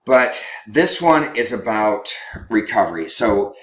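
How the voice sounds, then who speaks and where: Low-ish and very animated but slow, this man's voice carries a counselor's conversational teaching on couples communication. He checks in with his listeners often, and the room gives the recording an echo.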